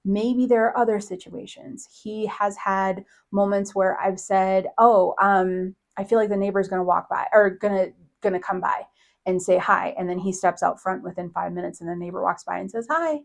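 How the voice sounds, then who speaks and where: A middle-aged woman tells a personal story on her podcast in an easy, conversational manner. Her voice sits at an ordinary middle pitch. She laughs often and lifts her voice to act out what others said. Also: little pitch movement, normal speed, creaky. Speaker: podcast host, psychic medium. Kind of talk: casual storytelling monologue.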